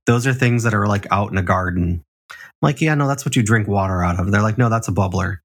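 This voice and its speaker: A man's voice: fairly low pitch, fast talker, a bit bright. A man from the Chicago area co-hosting a podcast, trading crude jokes and stories, swearing freely and giggling often. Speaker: podcast co-host. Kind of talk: casual crude banter.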